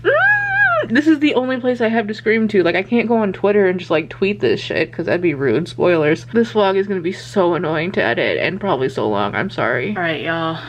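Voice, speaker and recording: A woman's voice: fairly low pitch, fairly quick, muffled recording, a little hiss or hum. A young woman vlogging to a handheld camera at home late at night, gushing and swearing about a book while tired. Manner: gushing, excitable, swears freely.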